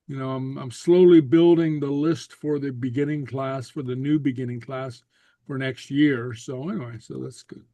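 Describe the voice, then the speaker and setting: A man teaching a Gaelic class over a video call, relaxed and full of fillers and repeated okays. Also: medium pitch, normal speed, dry recording.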